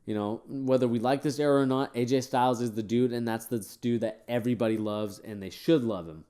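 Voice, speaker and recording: A man's voice: medium pitch, fairly even intonation, a little fast, mellow, clear, resonant tone. Male reviewer, casual and opinionated, rambling, worn out. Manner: opinionated and rambling, with frequent fillers. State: tired, yawning. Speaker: wrestling show reviewer.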